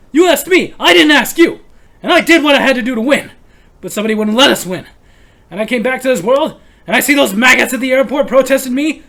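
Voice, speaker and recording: Guy putting on a haunted war vet, yelling and raw, pitched way up high. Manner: ranting, anguished outbursts. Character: shouting, haunted male war veteran.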